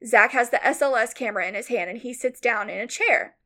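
A woman co-hosting a podcast, casually retelling a story with lots of "like" fillers, rambling and animated. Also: fairly high pitch, brisk. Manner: animated, mock-outraged retelling. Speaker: podcast co-host.

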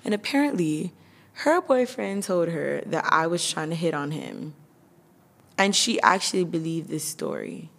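A woman's voice: sits low, sing-song, measured pace, gravelly, a bit bright. A young woman hosting a podcast, telling a painful personal story candidly and emotionally, with nervous laughs. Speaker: podcast host.

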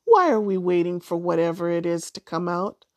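A woman's voice: on the low side, lively intonation, moderate pace, darkish tone, dry recording, studio quality, natural voice. A woman voicing a cautious young boy who speaks warily in a storybook reading. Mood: wary. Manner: wary, questioning.

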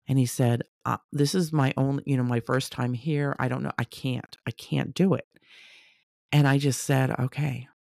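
Woman, personal storytelling, low voice with vocal fry, dry close sound, conversational. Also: darkish tone, no echo. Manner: conversational, reenacts dialogue.

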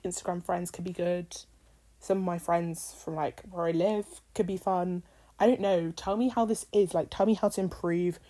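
Warm, low-voiced British woman rambling. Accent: British English. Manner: rambling, chatty, swears freely. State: tired, voice getting dry. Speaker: podcast host. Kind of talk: casual solo podcast monologue.

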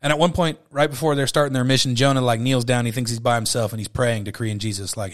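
Quick and steady with few pauses, a medium-pitched man in his thirties hosts a podcast about a movie he loves. It's a loose, rambling review full of swearing and frequent fillers.

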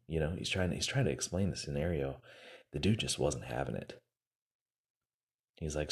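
A man's voice: extremely low pitch, lively intonation, normal speed, a little mellow, husky. A man casually retelling a success story to motivate his listeners, acting out the quoted lines and using many fillers.

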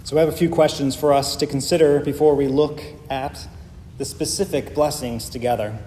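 A man's voice: mid-range voice, steady tone, normal speed, darkish tone, a little hiss or hum. A male pastor preaching a sermon, emphatic and building his points through repeated phrases. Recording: long reverb of a large hall.

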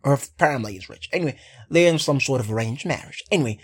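This is an animated, sarcastic voice recapping a film in a loose, rambling way, with pitch that swings widely. The speaker keeps circling back with fresh asides, curses now and then, and apologizes right after. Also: fast, slightly rough. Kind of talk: casual ranting film recap.

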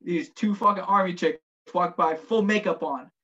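A former Marine telling profane, lively war stories in casual chat, acting out the quotes. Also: male voice, high-pitched, moderate pace, highs cut off. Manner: profane, animated storytelling with acted quotes.

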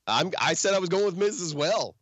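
Co-host guy, lively higher voice, quick "right, exactly" replies, dry sound. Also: no room sound. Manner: short agreeing replies, quick asides. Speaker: podcast co-host. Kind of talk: casual chat.

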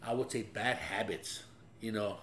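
A man's voice: lowish voice, steady tone, a little slow, a bit bright. A man telling profane stories in a casual chat, laughing often. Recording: echoey room with faint hum.

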